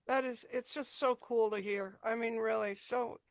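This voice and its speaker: A woman's voice: on the high side, steady tone, moderate pace, dry recording. A woman hosting an interview, gushing with enthusiasm and rambling through her questions. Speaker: host. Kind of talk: casual interview.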